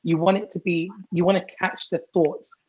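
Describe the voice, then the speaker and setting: An emotional healing coach, a woman, giving advice in a measured, coaching tone. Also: on the low side, flat delivery, darkish tone, slightly rough, highs cut off. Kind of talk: guest advice on a talk show.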